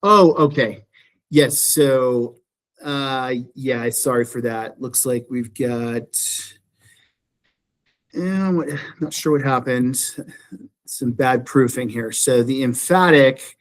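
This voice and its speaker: A Greek instructor with a mid-range voice lectures slowly to a beginning class. He explains patiently, repeats phrases often, and keeps asking "right?"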